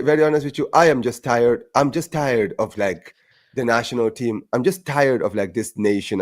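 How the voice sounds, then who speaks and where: Animated man venting about football. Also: medium pitch. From United States. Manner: animated, emphatic, repeats himself for effect. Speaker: podcast host and streamer. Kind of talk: casual football chat. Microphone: video call.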